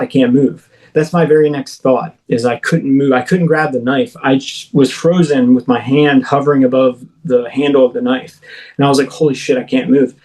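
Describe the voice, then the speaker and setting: A man's voice: medium pitch, a little mellow, low-quality recording. A man who is a podcast guest, telling a personal encounter story in a casual, rambling way, full of "like" and "you know" and restarting sentences midway. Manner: self-correcting, restarts mid-sentence.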